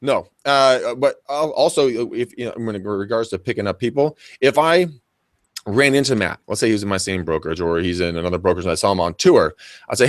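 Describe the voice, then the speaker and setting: A man's voice: mid-range voice, lively intonation, brisk, no room sound, clean studio sound. A man, a real estate agent co-hosting a show, coaching listeners with energy and acting out both sides of conversations with buyers. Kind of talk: energetic coaching talk with acted dialogue.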